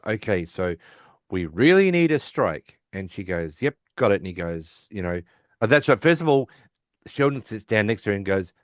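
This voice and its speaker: Male podcast co-host, low voice, dry close mic, animated scene recap. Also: smooth, dry recording. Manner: animated retelling, acting out quoted lines. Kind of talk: casual episode recap.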